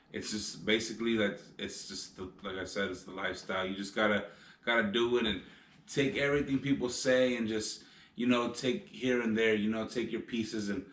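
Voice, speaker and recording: A man's voice: on the low side, a bit bright, echoey room. A man co-hosting a casual vlog, rambling with lots of filler phrases as he talks. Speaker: vlog co-host. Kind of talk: casual chat.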